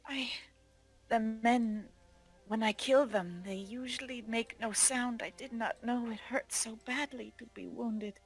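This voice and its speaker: A player voicing a young female warrior who speaks in soft, halting, formal sentences. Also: mid-range voice, fairly even intonation, voice pushed up, lightly acted. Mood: hurt, tearful.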